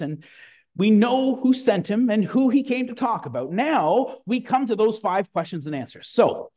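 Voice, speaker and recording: A man preaching a sermon, emphatic and lively, with casual asides to his congregation. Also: high voice. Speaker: pastor.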